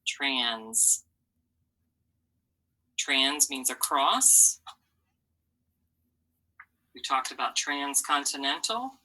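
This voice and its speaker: A woman's voice: a bass voice, sing-song, very slow, long pauses, bright, forceful tone, rough recording. A woman teaching a phonics lesson to children, patiently sounding out letters and syllables and encouraging them.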